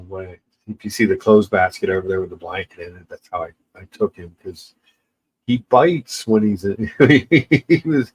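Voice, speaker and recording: A man with a somewhat low voice who is crying as he talks. He chats casually with viewers in a halting, tearful way, often stopping and starting over. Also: poor audio. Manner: halting, tearful, many restarts and pauses. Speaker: livestream host. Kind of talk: casual livestream chat with viewers.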